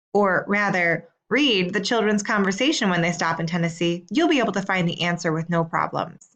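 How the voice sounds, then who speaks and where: A woman teacher reading out homework questions in a slow, clear, deliberate way. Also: mid-range voice, fairly bright tone. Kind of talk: recorded assignment instructions.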